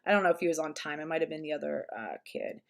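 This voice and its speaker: A woman's voice: low voice, lively intonation, quick pace, gravelly. A woman speaking in a casual commentary vlog, rambling along with frequent restarts. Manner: rambling, with many restarts and fillers.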